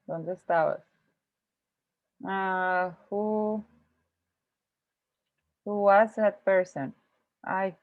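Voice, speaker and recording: A woman's voice: mid-range voice, fairly even intonation, slow pace, pauses often, no room sound. Woman teaching English over video call. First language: Spanish. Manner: explains patiently, with frequent restarts and thinking aloud. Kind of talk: online class, switching between English and Spanish. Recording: tinny video-call audio, dry.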